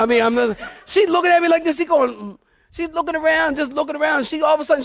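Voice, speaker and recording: A pastor preaches in a church, a man with a high voice who tells stories with a lot of life. He acts out the voices of the people in them. The sound is dry and close. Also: fast, creaky, no room sound. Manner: animated storyteller, acts out quoted voices. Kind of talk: sermon storytelling.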